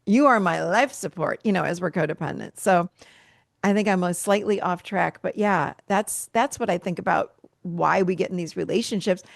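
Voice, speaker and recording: A woman's voice: lowish voice, moderate pace, gravelly, no room sound, studio quality. A woman in her fifties, a therapist guest telling personal stories in a candid interview and acting out the dialogue. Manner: animated storyteller, acts out quoted dialogue.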